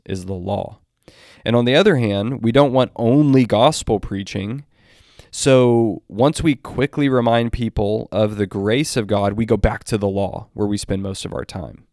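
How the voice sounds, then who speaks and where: A man giving earnest, emphatic commentary on preaching, slowing down to stress key phrases. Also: lowish voice, darkish tone, dry recording, clean studio sound. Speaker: Christian commentator. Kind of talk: scripted theological commentary.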